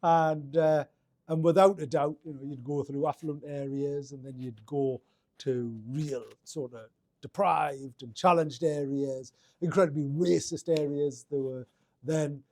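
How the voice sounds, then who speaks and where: Middle-aged Geordie man, guest on a chat show; dark, mellow tone, rambles with restarts. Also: a little high, fairly even intonation, measured pace, dry recording, studio quality. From Northeast England. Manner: rambling, many restarts and fillers. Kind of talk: casual interview storytelling.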